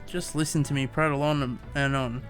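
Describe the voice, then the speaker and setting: A man's voice: medium pitch, steady tone, moderate pace, soft background music, lightly acted. A man reading game dialogue aloud as a fussy, long-winded young woman scholar, stumbling over words. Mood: prim.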